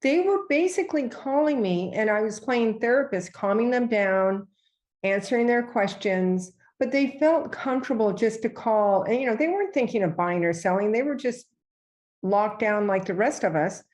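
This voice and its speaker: A woman's voice: fairly high pitch, normal speed. A middle-aged woman, a real estate agent, telling stories in a casual podcast interview over a remote call. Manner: chatty, animated storyteller who mimics other voices.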